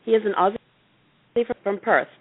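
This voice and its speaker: A woman's voice: medium pitch, a little slow, breathy edge. A woman with a New Zealand accent hosting a podcast interview, chatty and enthusiastic. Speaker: host. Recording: tinny phone line.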